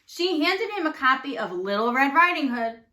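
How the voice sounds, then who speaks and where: A woman teacher reading a storybook aloud with expressive, animated narration. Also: high-pitched, normal speed. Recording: echoey room.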